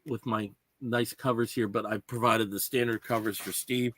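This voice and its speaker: A man's voice: fairly low pitch, level tone, normal speed, fairly bright tone. A man hosting a podcast in casual chat, explaining comic books at length with lots of "you know" fillers. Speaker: podcast host.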